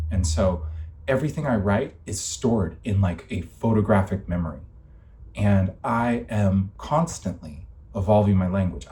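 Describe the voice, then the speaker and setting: A man's voice: fairly low pitch, mellow, a little hiss or hum. A young man in a vlog, talking alone in an impassioned, rambling monologue and swearing as his frustration builds. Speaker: vlogger.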